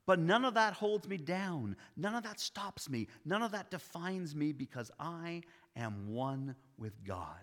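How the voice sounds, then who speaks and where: Jesus as a preacher plays him, slow and gentle but firm, bright voice ringing in a big hall. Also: male voice, fairly high pitch, expressive, pitched above the performer's own voice. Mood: commanding. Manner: slow, deliberate, tender with bursts of authority. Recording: long hall reverb.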